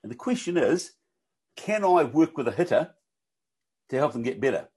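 A man's voice: mid-range voice, sing-song, normal speed, darkish tone, husky. An older man with a New Zealand accent, a guest talking casually and telling coaching stories with casual swearing. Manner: chatty, with frequent restarts and casual swearing. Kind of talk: casual conversation and storytelling.

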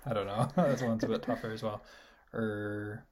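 A man, co-hosting a podcast lesson and slowly trying out sounds while thinking aloud. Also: fairly low pitch, a little mellow. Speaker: co-host. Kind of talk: podcast lesson, casual chat.

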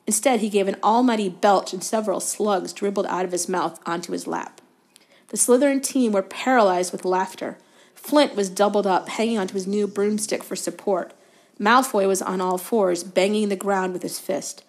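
A woman reads a children's novel aloud with steady, even narration. Her voice sits at an ordinary middle pitch. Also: normal speed. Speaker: guest reader.

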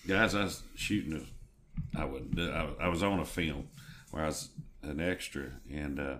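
A man's voice: extremely low pitch, unhurried, background noise. A man, co-hosting a podcast, telling folksy stories in casual chat. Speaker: podcast co-host.

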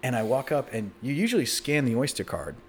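A young man telling a long, animated story in casual podcast chat, swearing freely and acting out the voices of the people in it. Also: medium pitch, a little fast, slight background noise. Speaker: podcast guest.

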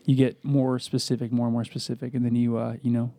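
A man's voice: mid-range voice, flat delivery, fast, warm tone, dry recording. A young man co-hosting a podcast, upbeat and playful, who admits he rambles. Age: young adult. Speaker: podcast co-host. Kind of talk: casual chat.

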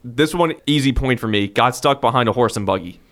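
A man's voice: medium pitch, lively intonation, fairly bright tone. Easygoing man running a quiz. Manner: runs a quiz, reads out scores and ranks slowly. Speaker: podcast co-host. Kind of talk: casual chat.

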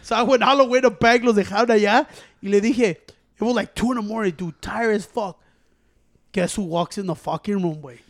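A man telling stories in casual chat, switching between English and Spanish, animated and profane. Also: high-pitched. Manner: rapid Spanglish code-switching, animated, heavy swearing; loud acted-out quotes.

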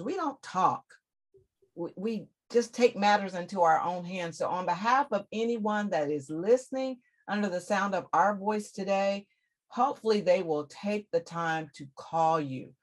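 A woman hosting an interview show, effusive and speaking straight to her listeners. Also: medium pitch. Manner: effusive, addresses listeners directly. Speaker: host. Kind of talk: radio-style interview hosting.

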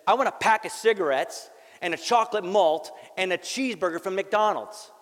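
A gruff, dismissive dying old man, as a male pastor puts him on during a sermon. He speaks bluntly and sarcastically in a raised voice. The words ring through a large hall with a long reverb. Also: high voice, moderate pace, a bit bright, voice pushed up.

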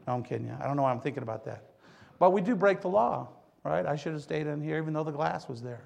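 Speaking fast in a darkish tone, this middle-aged pastor delivers a sermon with a gravelly edge and slightly high pitch. He talks straight to his congregation, weaving scripture together with homespun jokes about his life.

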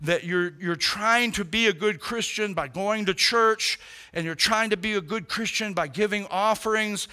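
A man's voice: sits high, moderate pace, bright, forceful tone. A male pastor preaching a sermon in an emphatic, direct way, talking to his congregation.

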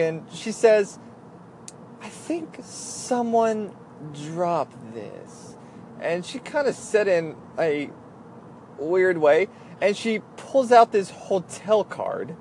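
A man's voice: on the high side, darkish tone, a little hiss or hum. Young man telling a rambling story. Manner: rambling, acts out others' voices in quotes. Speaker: former airline gate agent. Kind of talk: casual storytelling.

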